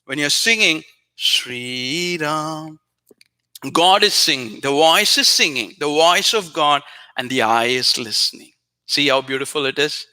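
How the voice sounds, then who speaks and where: A man hosting a spiritual show, giving an earnest, repetitive teaching talk addressed straight to a viewer, now and then softly chanting phrases. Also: fairly high pitch, lively intonation, normal speed.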